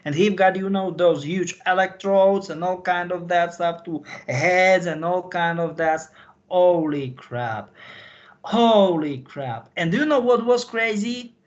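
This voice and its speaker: A man's voice: sits high, fairly even intonation, moderate pace, hardly any pauses, dull audio. A man in an emotional call chat, repeating himself and apologizing, with non-native phrasing. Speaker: insider guest recounting missions.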